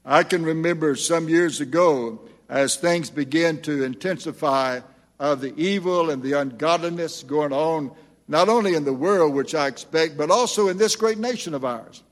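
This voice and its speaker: A man's voice: on the high side, normal speed, in a large hall. An older man preaching a sermon as pastor, earnest and emphatic as he reads scripture.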